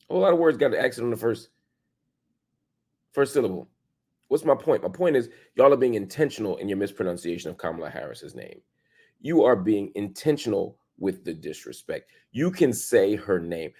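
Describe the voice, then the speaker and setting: A man's voice: big pitch swings, brisk, gravelly, dark tone, husky. A man hosting an opinion commentary show, arguing emphatically with rhetorical questions and casual slang. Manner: emphatic, rhetorical questions, pitch jumps for stress.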